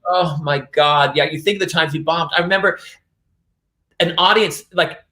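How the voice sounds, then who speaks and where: Man, comedy performer, theatrical, acts out his anecdotes, high voice, video call. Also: moderate pace, heavy background noise. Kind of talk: casual chat, telling stage anecdotes.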